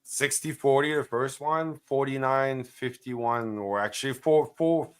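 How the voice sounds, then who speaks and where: A man co-hosting a loose live chat at a middle pitch. He talks in a relaxed, easy way and chuckles between his words. Nothing about it feels performed. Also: a little slow, clear, resonant tone. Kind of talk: casual live-stream chat.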